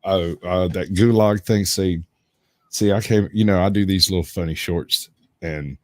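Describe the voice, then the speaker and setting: A man with a Southern US accent, a livestream guest telling stories in a laid-back, drawn-out way. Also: low-pitched, a little mellow, dry recording, studio quality. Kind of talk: casual chat.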